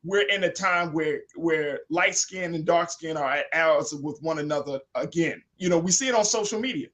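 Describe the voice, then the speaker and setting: A man hosting a casual news commentary show, animated and emphatic as he reads quotes aloud. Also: on the high side, moderate pace. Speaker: talk show host.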